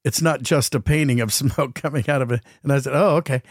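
Animated man telling a story. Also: medium pitch, fairly quick, slightly rough, no echo, clean studio sound. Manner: animated, acts out quotes, chuckles. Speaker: podcast host. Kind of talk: casual storytelling.

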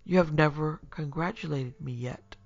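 A man voicing a hearty young male friend who talks in lively exclamations. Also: fairly high pitch, moderate pace, vocal fry. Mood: cheerful. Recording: dull lo-fi recording, faint music.

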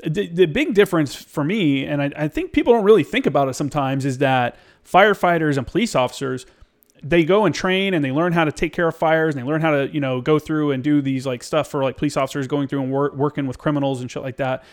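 A man's voice: on the high side, fast. A man hosting a casual interview, laid-back and agreeable, who swears casually as he talks.

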